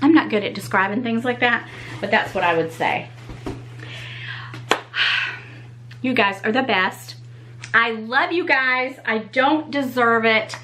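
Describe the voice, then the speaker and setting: Woman vlogger, higher voice, effusive delighted chatter to camera, faint background hum. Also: slow pace, pauses often, bright, forceful tone, rough recording. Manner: gushing, exclaims often in delight; talks straight to viewers. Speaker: YouTube channel host. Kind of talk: casual unboxing vlog.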